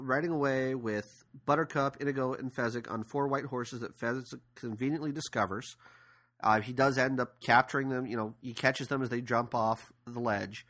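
Podcast co-host, male, bright forceful tone, rambling casual film recap. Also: medium pitch. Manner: rambling retelling with fillers. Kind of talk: casual movie discussion.

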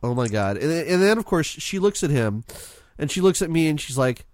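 A man on a podcast telling stories in a lively, animated way and swearing freely in a casual movie chat. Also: on the high side, moderate pace, no room sound, studio quality. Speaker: podcast co-host.

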